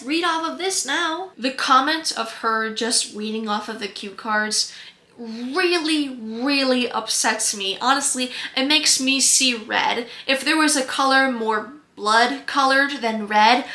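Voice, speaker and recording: A nineteen-year-old woman hosting a comedic vlog, playfully mock-outraged with quick sarcastic asides. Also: fairly high pitch, bright, forceful tone. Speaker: comedy YouTuber. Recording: echoey room with faint music.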